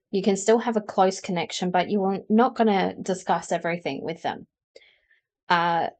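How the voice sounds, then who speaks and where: A woman's voice: on the low side, a little mellow. A woman doing a pick-a-card tarot reading, chatting and explaining directly to the viewer. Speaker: tarot reader.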